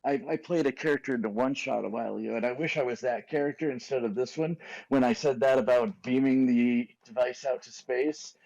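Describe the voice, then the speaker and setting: A man's voice: mid-range voice, a little fast, creaky, hardly any pauses, a little mellow, highs cut off. A man chatting casually as a player in a tabletop game, rambling with restarts and laughing often.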